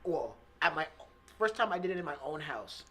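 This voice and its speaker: A man guesting on a casual podcast, his voice high for a man and bright, a bit forceful. He explains things in an easygoing, plain way and trades stories freely. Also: very animated, normal speed, slightly rough. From Canada. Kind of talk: casual chat.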